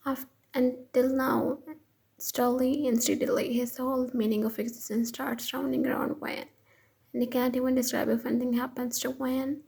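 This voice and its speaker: A woman reading a fan fiction story aloud in an even, unhurried way. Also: high voice, vocal fry, husky, poor audio.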